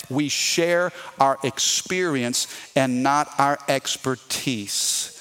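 His voice is medium-pitched with a fairly bright tone: a middle-aged pastor from Louisiana, Southern accent and all, preaching with emphasis and calling out for responses from his congregation.

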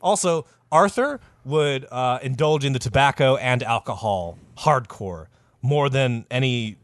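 A man hosting a casual podcast, telling a historical story with animated delivery and plenty of cursing. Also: mid-range voice, a little slow, no room sound. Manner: animated, lively delivery with sudden voice put-ons.

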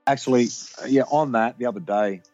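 A man, a podcast guest, talking reflectively about parenting in a halting, filler-heavy way. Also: mid-range voice, darkish tone, no echo, lo-fi sound, faint music behind. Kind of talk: casual conversation.

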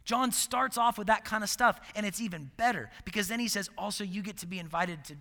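Guy preaching a sermon, high bright voice, chatty and animated, gets loud then drops to a hush, long hall reverb. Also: brisk. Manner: conversational, animated, swings between loud and hushed.

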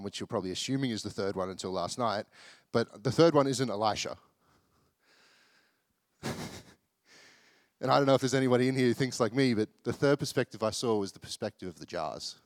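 A young man preaches in a relaxed, joking way, slipping into the voices of the people in the story. His voice is mid-pitched, and the recording is close and dry, with no room echo. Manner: chatty, self-deprecating, acts out the people in the story. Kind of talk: casual sermon.

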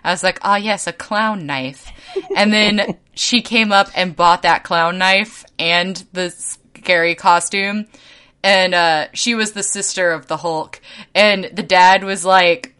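A young woman co-hosting a podcast, telling stories in a casual, animated way and laughing often. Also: lowish voice, takes it slowly, smooth. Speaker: podcast co-host. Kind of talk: casual chat.

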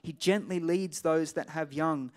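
Male pastor, fairly high voice, easygoing sermon delivery mixing Bible readings with chatty asides. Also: unhurried. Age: adult parent. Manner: casual, conversational preaching with scripture readings.

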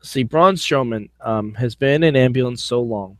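A man's voice: mid-range voice, normal speed, fairly bright tone, dry recording, studio quality. A man co-hosting a wrestling podcast in casual chat, rambling through jokes with restarts. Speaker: podcast co-host.

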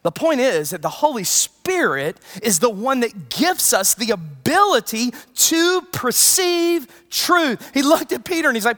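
Preacher, sermon, conversational, lively pitch, frequent asides. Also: measured pace, few pauses. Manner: conversational, animated, with many asides.

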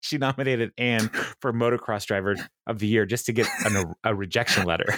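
A man's voice: fairly low pitch, fairly quick, a bit bright, no room sound, studio quality. A man co-hosting a podcast, retelling a show's scenes in a rambling way, quoting characters, with many fillers. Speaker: podcast co-host. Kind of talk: casual episode recap.

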